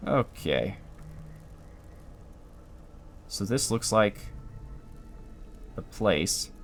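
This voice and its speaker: A man giving calm, dry, explanatory commentary while playing a video game. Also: lowish voice, drawn-out words, soft background music. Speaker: gameplay commentator. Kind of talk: let's play commentary.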